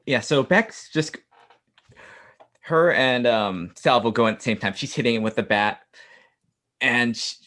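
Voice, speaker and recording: A man's voice: medium pitch, unhurried, long pauses, a bit bright. A man playing a tabletop role-playing game, describing his character's actions in a hesitant way, with many fillers. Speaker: player. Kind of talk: casual tabletop play.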